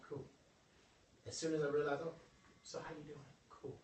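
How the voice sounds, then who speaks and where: A man giving a joking, animated motivational workshop talk to a group. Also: a little high, fast, far from the mic, noisy background. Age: adult over twenty-five. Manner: animated, joking, preacher-like delivery. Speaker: motivational speaker. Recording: echoey room, voice from afar.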